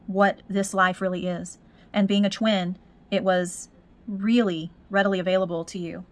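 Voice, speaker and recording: A woman giving a spiritual tarot reading, talking in a musing way and repeating words as she searches for messages. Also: mid-range voice. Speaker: tarot reader.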